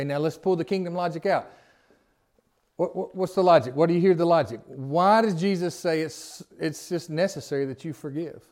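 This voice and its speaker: A Bible teacher with a notably high-pitched, slightly mellow voice leads an informal study, reading scripture aloud before putting plain, folksy questions to listeners. He often restarts his phrases mid-thought.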